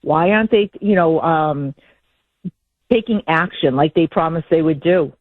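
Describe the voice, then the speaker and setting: A woman's voice: deep voice, measured pace, no echo. A woman calling in to a talk radio show, speaking in an indignant, rambling, frustrated way. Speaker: caller. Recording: tinny phone line.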